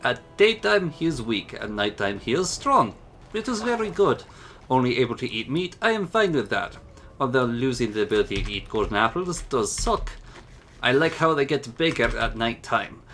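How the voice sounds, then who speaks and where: A man's voice: medium pitch, expressive, normal speed, fairly bright tone. A man hosting a game mod showcase, commenting in a chatty, enthusiastic way. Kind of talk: casual gameplay commentary.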